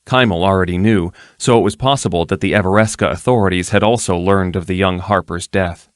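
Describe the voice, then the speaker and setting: A man reading a fantasy novel aloud in a steady, measured narration. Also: low-pitched, no echo, studio quality. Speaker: audiobook reader.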